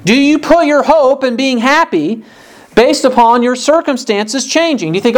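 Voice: medium pitch, lively intonation, normal speed. A preacher giving a sermon in an earnest manner, full of rhetorical questions to the listeners. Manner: acts out complaining voices in quotes.

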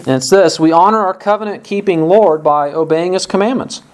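A man's voice: high-pitched, brisk, background noise. A man preaching a sermon, a parent, emphatic and stressing points by repeating phrases. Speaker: pastor.

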